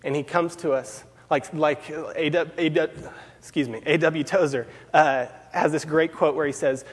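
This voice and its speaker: A man's voice: fairly high pitch, fairly even intonation, normal speed, breathy edge. A man preaching a sermon to a gathered group, earnest, repeating key phrases for emphasis. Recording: long hall reverb.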